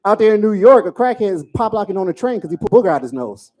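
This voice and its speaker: A man in his forties doing a profane stand-up comedy set, telling stories with animated asides. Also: high-pitched, fast, muffled recording. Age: 40s.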